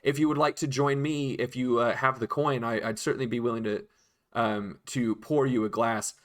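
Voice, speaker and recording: A man's voice: mid-range voice, fairly even intonation, normal speed, close to an everyday voice. Dude doing a stuffy polite attendant guy, stammers, formal. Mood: prim polite. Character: prim, polite male attendant turning stern.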